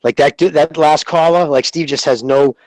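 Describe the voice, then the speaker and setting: A man's voice: fairly high pitch, normal speed, no echo, low-quality recording. A man co-hosting a boxing podcast in casual chat, laid back and using slang like "dude". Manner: relaxed, uses "dude" and "man". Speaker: podcast co-host.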